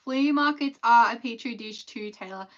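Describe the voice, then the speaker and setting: Live-streaming while she makes scrunchies, a young Australian woman rambles along casually, dropping plenty of fillers. She speaks at a moderate pace in a slightly high voice, captured in dull, lo-fi stream audio.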